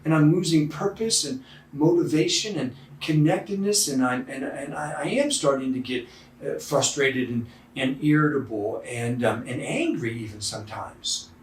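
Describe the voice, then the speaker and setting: A man's voice: fairly high pitch, normal speed, reverberant, recorded from a distance, slight background noise, close to an everyday voice. A man playing a weary missionary priest.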